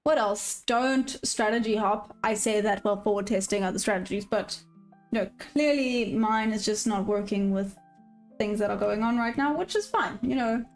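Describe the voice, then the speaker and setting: A woman's voice: medium pitch, normal speed, soft background music. A woman from Africa, chatting casually on a trading livestream, reading viewer comments aloud and laughing often. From South Africa. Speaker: day-trading livestream host.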